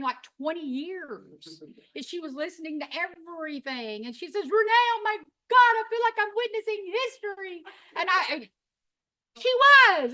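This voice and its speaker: A middle-aged woman, telling her story in an animated, folksy, emphatic way. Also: very high-pitched. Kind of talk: storytelling talk.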